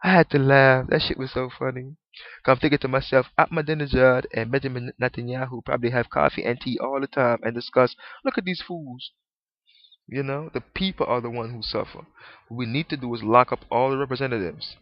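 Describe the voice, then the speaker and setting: A man's voice: mid-range voice, fairly even intonation, fast talker, lo-fi sound. A man in a ranting monologue, rambling and preachy, stumbling over restarts, with mocking, profane asides.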